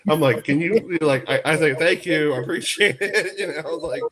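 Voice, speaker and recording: A man from New York hosting a sports talk radio show, telling stories in a lively, laughing way. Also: fairly high pitch, brisk, over a noisy crowd. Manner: storytelling, animated, laughs often. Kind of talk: casual radio chat.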